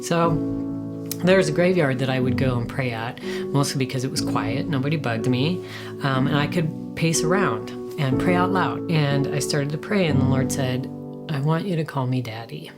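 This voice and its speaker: A woman giving an emotional personal testimony, halting and reflective, her voice lifting on questions. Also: extremely low pitch. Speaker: interviewee. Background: loud guitar music.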